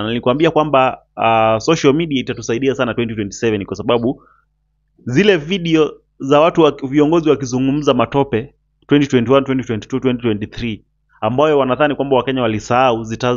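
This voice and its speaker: A man with a Kenyan accent hosting political commentary, speaking earnestly to his viewers with frequent "ah" pauses. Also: medium pitch. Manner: addresses viewer directly, earnest, filler "ah" pauses. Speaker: host. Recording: dull lo-fi recording.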